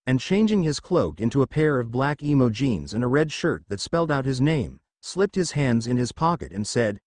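A man narrating a fan-fiction story in a steady reading voice. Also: mid-range voice, no room sound, studio quality.

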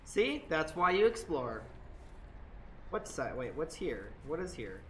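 Casting: a chatty gaming streamer, mid-pitched, casual and profane, with faint background noise. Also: sing-song, slow. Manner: chatty, swears often, jokey asides.

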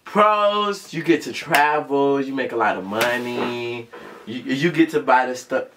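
Rambling man with a bright voice. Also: medium pitch, measured pace, slight background noise. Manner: rambling, lots of fillers and restarts. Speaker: co-host. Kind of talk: casual chat.

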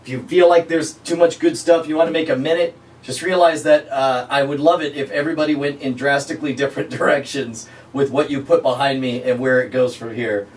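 A man chatting casually on an indoor video set, relaxed with fillers and laughs, recorded from a distance. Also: medium pitch, fairly quick, few pauses. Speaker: performer and host recording lines. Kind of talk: casual setup talk on a video shoot. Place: indoor video set under studio lights.

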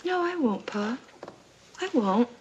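A woman's voice: on the high side, big pitch swings, slow pace, muffled recording, a little hiss or hum. A young actress playing a shy, frightened teenage girl in a 1950s TV drama, timid and pleading.

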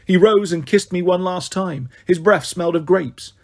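A man's voice: sits high, normal speed, darkish tone. A man narrating an audiobook in first person, telling the story expressively.

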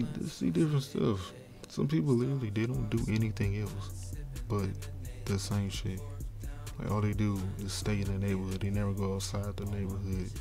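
A stoned man ranting casually, rambling and profane, with frequent laughs. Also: lowish voice. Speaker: vlogger. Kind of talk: casual rant. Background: faint background music.

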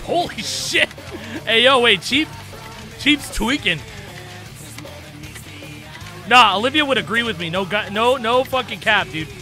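A young man with a very high, lively voice commentates a game casually, laughing and swearing as he goes. His tone is bright and sharp, he talks slowly, and music plays faintly behind him. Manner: excitable, laughing, swears a lot, shrieks when amused. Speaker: gaming YouTuber.

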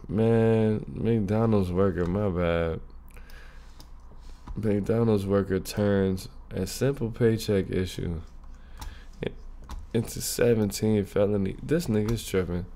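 A man's voice: lowish voice, fairly even intonation, slow pace, long pauses, mellow. A man hosting a reaction video, talking in laid-back slang and reacting to a clip. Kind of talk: casual reaction commentary.

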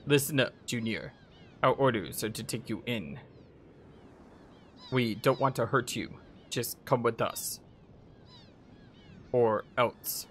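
A man voicing a gruff male soldier captain who gives stern, threatening orders. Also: medium pitch, slow pace, pauses often, fairly bright tone, slight background noise. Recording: music playing behind voice.

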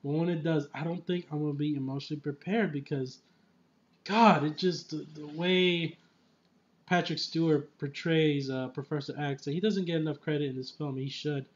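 A man's voice: on the high side, fairly even intonation, moderate pace, highs cut off. A man giving a casual, enthusiastic film review, rambling with lots of fillers and often laughing. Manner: laughs often mid-sentence. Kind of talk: casual spoiler movie review.

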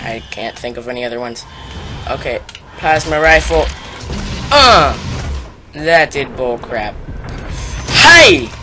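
A young man giving casual, rambling commentary on a shooter game, mocking himself and loudly taunting the enemies. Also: mid-range voice, animated, a little slow, pauses often. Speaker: gaming YouTuber. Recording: game music playing behind the voice.

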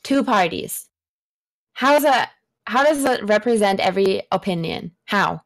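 A woman's voice: mid-range voice, lively intonation, unhurried, dry recording. Giggly woman, blunt podcast guest. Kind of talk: casual chat.

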